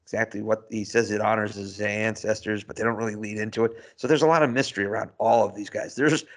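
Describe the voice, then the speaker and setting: A man in casual podcast chat who trades wry asides and old film references. His voice sits low and carries a gravelly fry. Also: steady tone, fast talker. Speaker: podcast co-host.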